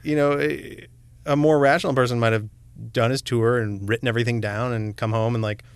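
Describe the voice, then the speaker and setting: A man with a medium-pitched voice co-hosts a casual podcast chat. He offers opinions in a dry, wry way. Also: steady tone, brisk, smooth, no room sound. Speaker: podcast co-host.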